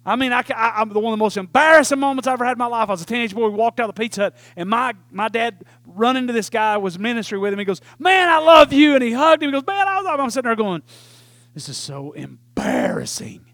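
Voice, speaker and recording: A male preacher delivers a folksy, animated sermon with frequent "right?" asides. His voice sits very high for a man. The sound is dry and close, with no room echo. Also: racing, hardly any pauses.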